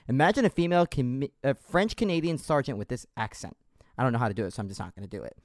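A man's voice: medium pitch, animated, fast talker, no echo, clean studio sound. A man hosting a casual podcast, reading out a listener's story in a loose, joking way. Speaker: podcast host.

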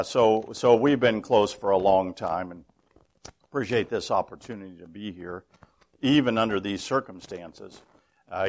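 A man in his sixties with a fairly low voice, preaching a light-hearted sermon to a full church. He tells his stories in a folksy way, with frequent ums and restarts. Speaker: guest preacher. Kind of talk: humorous sermon.

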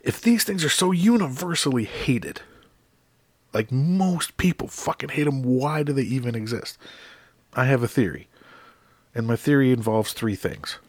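A man's voice: mid-range voice, normal speed, dry recording. A middle-aged man from the United States delivering an exasperated, profane comedic rant in a casual, emphatic way.

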